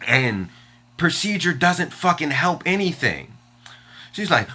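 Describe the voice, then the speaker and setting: Young guy ranting on his vlog, cursing a lot, bright sharp voice, fed up. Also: on the high side, lively intonation, moderate pace. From Washington, D.C. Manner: profane and frustrated, venting bluntly. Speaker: vlogger. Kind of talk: angry personal vlog rant.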